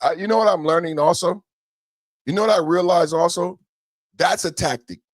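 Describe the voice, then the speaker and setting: A man's voice: high-pitched, moderate pace, no echo. A man hosting a reaction podcast, rambling through a ranting argument and repeating his phrases as he goes. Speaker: podcast host.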